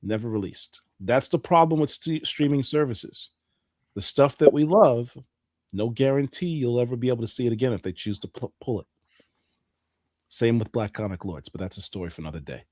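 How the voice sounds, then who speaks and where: A man in his forties hosting a casual podcast chat about comics news, talking in an animated, playful and emphatic way. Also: mid-range voice, fairly quick, no echo. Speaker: podcast host.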